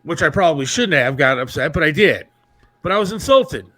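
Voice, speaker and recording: A middle-aged man hosting a podcast, telling rambling, animated stories in casual chat. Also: on the high side, a little fast, poor audio. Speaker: podcast host.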